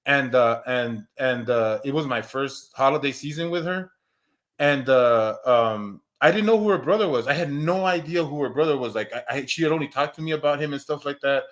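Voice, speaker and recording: A man's voice: medium pitch, normal speed. A man in his thirties telling a long personal story in casual chat, full of restarts and repeated words, swearing now and then. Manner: acts out quoted lines in a raised voice. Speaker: podcast co-host.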